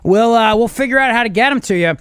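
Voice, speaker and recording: A man hosting a talk radio show, joking and bantering with quick asides. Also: extremely high pitch, clear, resonant tone, no echo, studio quality. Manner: animated, joking, rapid asides. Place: radio studio. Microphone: studio mic.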